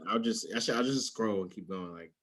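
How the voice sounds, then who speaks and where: A man's voice: on the low side, brisk, a crowd in the background. A man co-hosting a podcast, chatting casually with blunt, profane banter. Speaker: podcast co-host. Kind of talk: casual chat.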